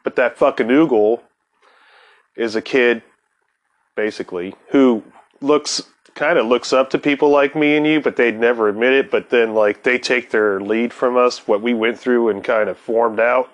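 A middle-aged man hosts a podcast, chatting casually and rambling while swearing heavily and profanely. His voice is medium in pitch at a normal speed, and the audio sounds dull.

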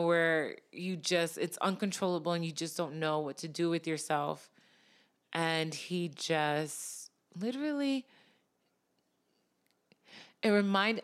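Tearful woman guest, low voice. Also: clean tone. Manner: tearful, halting, often laughs through emotion. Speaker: podcast guest, actress. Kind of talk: emotional personal conversation.

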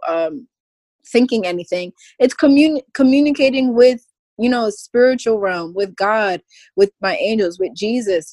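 A woman's voice: mid-range voice, a little mellow, dry recording. A woman speaking as a podcast guest in casual conversation, emphatic and goofy, often breaking into laughter.

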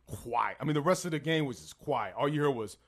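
A man in his thirties, co-hosting a podcast, telling a story in a casual, animated way and acting out the voices of the people he quotes. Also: medium pitch, fairly quick. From born in Texas, Puerto Rican family. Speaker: podcast co-host.

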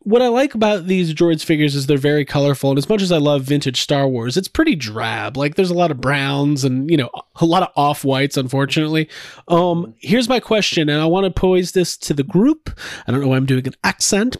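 Chatty, slightly high-voiced man. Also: expressive, a little fast, no echo, studio quality. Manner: rambling, restarts, laughs often. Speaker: podcast host. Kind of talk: casual chat.

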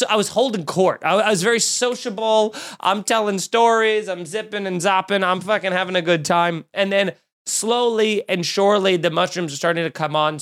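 A man with a high-pitched voice tells a rambling travel story on a podcast. He talks casually, jokes a lot and swears freely. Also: smooth. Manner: animated, profane, jokey anecdotes.

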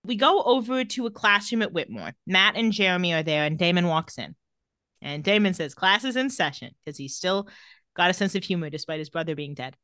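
A woman's voice: fairly low pitch, expressive, fairly quick, pushed and bright, dry recording, studio quality. A woman co-hosting a podcast, casually recapping an episode and reading lines with wry asides. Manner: reads out dialogue with wry asides. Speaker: podcast co-host.

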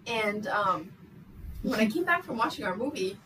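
A young woman guest on a casual podcast, telling a story hesitantly with many pauses and ums. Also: mid-range voice, big pitch swings. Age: young adult. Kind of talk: casual chat. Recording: distant mic with noticeable background noise.

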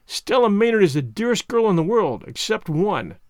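A man's voice: high voice, no echo, studio quality. A man voicing an eager, dramatic teenage girl student, talking earnestly and effusively. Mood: joyful. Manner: earnest, effusive, quick when excited.

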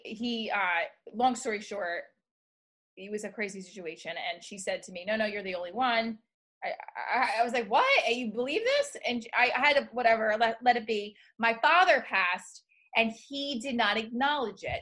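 A woman hosting a podcast, telling a story in casual comedic chat and acting out what people said. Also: a little high. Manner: animated storytelling, acts out quotes. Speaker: podcast host.

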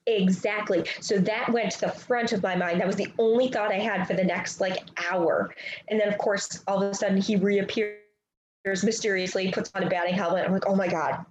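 A woman's voice: medium pitch, fairly even intonation, fairly quick, lo-fi sound. Emotional woman telling a story, roomy sound. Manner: emotional, storytelling, laughs easily. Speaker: podcast co-host. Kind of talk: casual sports chat.

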